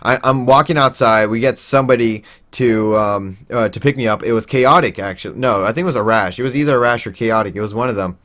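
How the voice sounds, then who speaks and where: A man's voice: mid-range voice, fast talker, few pauses, fairly bright tone. A young man telling a personal story in a casual, rambling way, with lots of fillers and restarts. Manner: acts out quoted people in raised voices.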